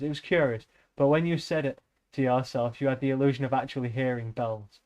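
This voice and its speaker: A man's voice: medium pitch, steady tone, fairly quick, a little mellow. A man reading a novel aloud on a live stream, breaking off often for rambling, joking asides to his chat.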